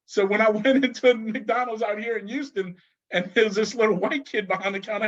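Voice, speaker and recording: A man with a notably high voice tells stories as a guest, laughing and restarting as he goes. The audio is slightly muffled and lo-fi. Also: brisk. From New Orleans. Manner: animated storyteller, laughs often, many restarts. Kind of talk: casual conversation.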